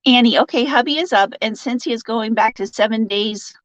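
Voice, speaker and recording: A woman's voice: a little high, fairly quick, fairly bright tone, no room sound, low-quality recording. A woman hosting a casual live stream, reading out viewer comments, joking and laughing often and turning sympathetic when someone shares bad news. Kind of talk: casual chat.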